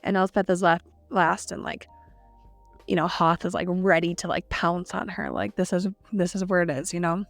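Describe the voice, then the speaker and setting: A woman co-hosting a podcast casually recaps scenes from a novel, saying "like" constantly and quoting the characters as she goes. Her voice sits on the low side with a steady tone and moderate pace, and faint music plays behind her.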